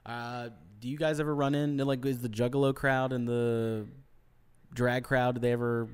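A man's voice: medium pitch, flat delivery, normal speed, a little mellow, clear, resonant tone. A man hosting a casual interview, asking questions in a playful, joking way. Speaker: host.

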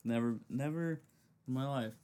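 A man's voice: mid-range voice, normal speed, mellow. A young man hosting a casual chat, telling slangy, profane stories and acting out the people in them. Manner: slangy and profane, storytelling with acted quotes. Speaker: podcast host.

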